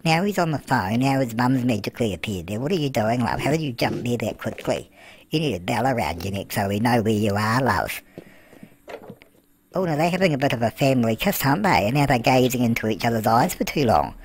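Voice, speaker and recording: In a medium-pitched, sing-song voice that runs a little fast, a man voices a chatty old grandmother full of gossip and cheek. He gives comedic commentary on a life-sim game over music, calling people "love" and answering his own questions.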